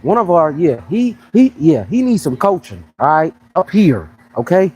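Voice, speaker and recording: Young male fitness coach on a casual live chat: slangy and joking, with a lively voice that rises and falls a lot. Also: a little high, normal speed, husky, low-quality recording. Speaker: fitness coach and pro bodybuilder.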